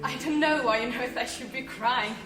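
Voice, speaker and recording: A woman acting a wistful mother of the bride on stage, halting and repeating herself. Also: sits high, close to an everyday voice. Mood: tearful. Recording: echoey stage audio with music.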